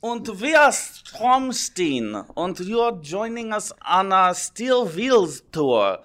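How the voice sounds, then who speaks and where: A man's voice: sits high, sing-song, extremely slow, a bit bright, pitched above the performer's own voice, heavily acted. A man putting on an exaggerated mock German accent as a joke. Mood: hammy.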